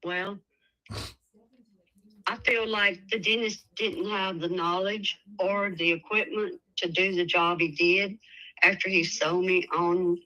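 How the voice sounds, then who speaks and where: A woman with a Tennessee accent calls in, speaking very slowly and hesitantly in a soft voice. Her tone is bright, and her voice sits a little low. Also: steady tone, dull audio. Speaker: caller. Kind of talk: phone call to a show.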